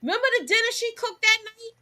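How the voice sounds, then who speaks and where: Woman host on a chat podcast, high voice, really bright and punchy, tells it animated. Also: fast. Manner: animated, storytelling, emphatic. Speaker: show host.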